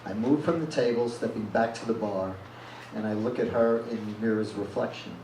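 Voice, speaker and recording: A man's voice: fairly low pitch, a little fast, a little mellow. Blunt male storyteller at a live reading, plain-spoken; echoey room, distant mic, noisy. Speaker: reader at a live reading series. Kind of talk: reading a first-person story aloud. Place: live reading event venue. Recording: echoey room from far off, with noise.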